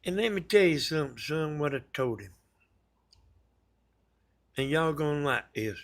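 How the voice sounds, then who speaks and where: A man's voice: on the high side, lively intonation, moderate pace. A man with a Southern US accent, rambling through a casual story to his viewers in a folksy, colloquial way. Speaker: vlogger.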